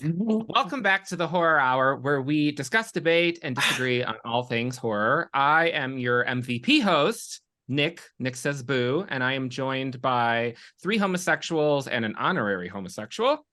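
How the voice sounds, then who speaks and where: A man's voice: medium pitch, animated, moderate pace, sharp tone. A young man hosting a casual group podcast, introducing guests with playful teasing. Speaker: podcast host.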